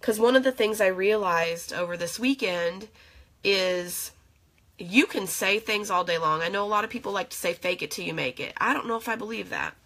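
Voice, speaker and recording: A woman's voice: medium pitch, moderate pace, fairly bright tone. A young woman vlogging at home in a casual, emotional, chatty way, with lots of fillers. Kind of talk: casual reflective vlog.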